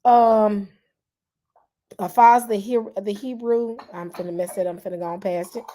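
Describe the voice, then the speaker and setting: A woman's voice: medium pitch, normal speed. A woman, chatting casually with her livestream viewers and greeting them by name. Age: 40s. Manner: chatty and animated, calls out to viewers, frequent "y'all". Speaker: YouTube channel host.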